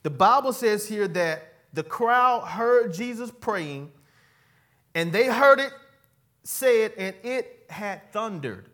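A pastor preaching a sermon in church, swinging from loud cries to quiet, folksy asides aimed at the congregation. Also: male voice, sits high, animated, takes it slowly. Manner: folksy, talks straight to the congregation.

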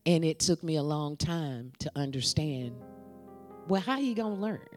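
A woman preaching a sermon, swinging between loud calls to the congregation and hushed whispered storytelling. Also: sits low, expressive, moderate pace, soft background music.

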